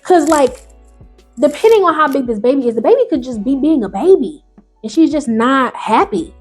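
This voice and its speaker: Animated woman reacting, slangy and loud. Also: normal speed, faint music behind. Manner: animated, slangy, talks back to the story; swings between loud high bursts and low mutters. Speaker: YouTube host. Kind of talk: reading and reacting to online stories.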